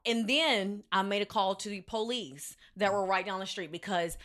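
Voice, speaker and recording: A young adult woman as an interview guest, telling a personal story in a candid, profane, animated way. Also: medium pitch, moderate pace.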